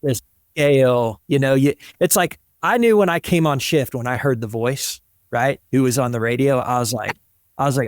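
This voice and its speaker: A man's voice: mid-range voice, normal speed, no room sound, clean studio sound. A man hosting a podcast, a former police officer casually telling anecdotes about his old shifts. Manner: relaxed, anecdotal storytelling.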